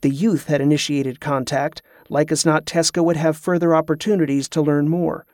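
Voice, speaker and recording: A man narrating a novel as an audiobook, in a steady, even storytelling manner. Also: a little high, moderate pace, no echo, studio quality.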